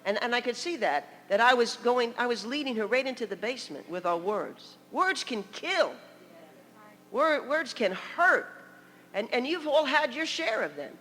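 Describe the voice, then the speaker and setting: Bright-voiced older woman preaching with humor. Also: fairly high pitch, fairly quick, few pauses. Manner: lively, laughing storyteller. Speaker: guest preacher. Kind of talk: humorous sermon storytelling. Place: church sanctuary. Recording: long church hall reverb.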